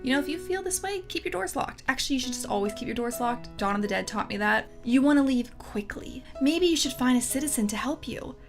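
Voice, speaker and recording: A woman's voice: sits high, lively intonation, fast, hardly any pauses, faint music behind. A young woman hosting a let's play, reading game text and giving chatty, sarcastic commentary. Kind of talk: casual gameplay commentary.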